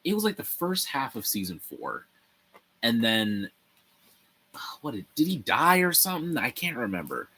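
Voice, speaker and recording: Building a set on a laid-back livestream, this young host talks to viewers at normal speed in a mid-range, breathy voice. He rambles with lots of energy, laughs a lot and swears without holding back.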